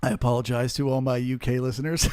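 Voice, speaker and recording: A man's voice: medium pitch, darkish tone, clear, resonant tone, no echo. A man hosting a live trading stream, giving casual, explanatory market commentary full of jargon into a close mic.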